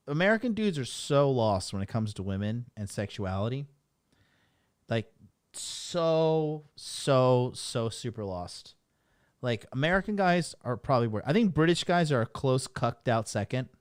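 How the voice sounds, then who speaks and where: A man rants to his stream audience, loose and rambling, cursing freely and talking bluntly. His voice sits at a middling pitch and comes across dry and close, with no room sound around it. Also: clear, resonant tone, no room sound. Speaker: dating coach streamer. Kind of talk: casual livestream rant.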